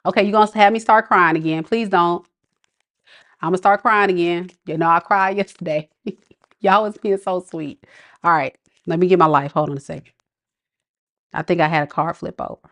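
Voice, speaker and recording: A woman's voice: on the low side, fairly even intonation, moderate pace, long pauses, a bit bright. A woman with giving a casual, affectionate live tarot reading, chatting with viewers and laughing often. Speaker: tarot reader.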